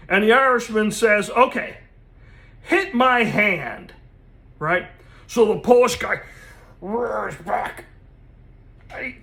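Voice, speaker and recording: A man telling a joke in a casual, animated way, acting out the characters. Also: sits high. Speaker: comedian teaching joke telling.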